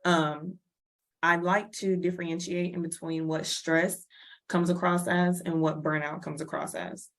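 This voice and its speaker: A woman's voice: fairly low pitch, little pitch movement, a little slow. A woman presenting a wellness workshop in a chatty, casual way, laughing often and acting out little everyday scenes. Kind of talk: casual lecture.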